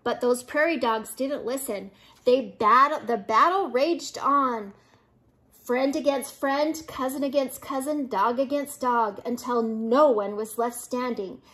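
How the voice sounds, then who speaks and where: Slow, lively grandmother reading aloud. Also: a little high. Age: older. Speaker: storybook reader. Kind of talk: children's read-aloud narration.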